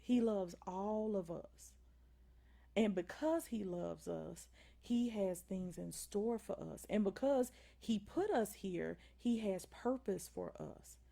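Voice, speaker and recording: A woman's voice: medium pitch, takes it slowly, creaky, mellow. A woman with a Southern drawl, hosting a faith-based motivational livestream and often asking the viewers "right?" and "y'all". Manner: preachy, repeats "right?" and "y'all". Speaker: livestream host.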